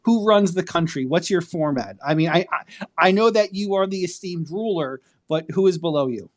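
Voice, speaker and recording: A man's voice: high-pitched, expressive, moderate pace. A man hosting a casual live chat, an attorney who rambles, curses freely and fills his talk with fillers. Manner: rambling, profane, many fillers. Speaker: host.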